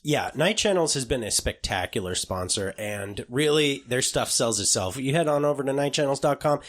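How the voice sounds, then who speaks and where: Animated, jokey man co-hosting a podcast. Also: medium pitch, normal speed. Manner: animated, jokey, slips into put-on voices. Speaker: podcast co-host. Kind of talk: casual chat.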